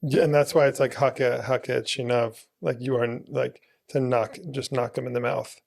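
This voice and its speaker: A man who is a guest on a studio podcast, chatting eagerly and quickly agreeing with the others. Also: mid-range voice, flat delivery, gravelly, a little mellow. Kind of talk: casual discussion.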